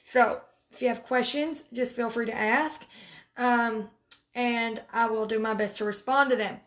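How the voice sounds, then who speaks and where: A woman gives her sales team pointers in a loose, live-video way. Her voice sits a little on the high side, and she talks chattily, circling back and hammering points with firm commands. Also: steady tone, a little slow, a bit bright. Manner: chatty and emphatic, with frequent restarts and direct commands. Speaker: direct sales team leader. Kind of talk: casual live coaching video.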